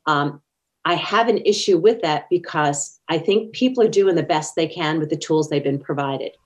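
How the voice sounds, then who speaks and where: A low-pitched woman speaking at normal speed tells her personal stories earnestly as an interview guest. When she quotes someone, she acts the words out.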